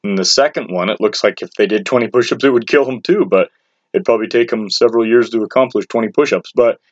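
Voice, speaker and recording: A man with a fairly low voice tells a story about his own life in a loose, rambling way, dropping crude slang and restarting his sentences. The recording is dull and lo-fi, with a dry sound and no room echo. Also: quick pace. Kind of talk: casual personal storytelling.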